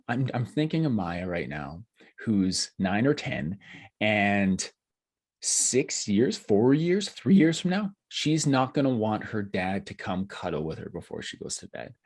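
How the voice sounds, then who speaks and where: Podcast host guy, husky voice, lots of swing in his pitch, eager. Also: very animated. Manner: enthusiastic, quick affirmations. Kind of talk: casual conversation.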